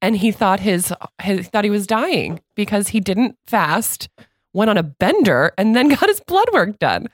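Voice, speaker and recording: A woman's voice: mid-range voice, measured pace, dry recording. A woman guest co-hosting a podcast, chatting casually and teasing her friend, on a close mic. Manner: teasing and animated. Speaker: guest co-host. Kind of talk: casual chat.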